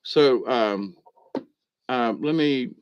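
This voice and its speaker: A man's voice: medium pitch, drawn-out words, smooth, no room sound, muffled recording. A man reading jokes aloud in a casual way, chuckling and adding wry asides between them. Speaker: comedy reader.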